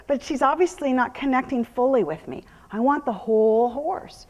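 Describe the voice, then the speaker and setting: Woman horse trainer, higher voice, gentle. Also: normal speed, few pauses, in a large hall. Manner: calm teaching voice, breaking into soft praise and hushed whispers to the horse. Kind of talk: live clinic demonstration, explaining while working a horse. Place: horse arena during a clinic.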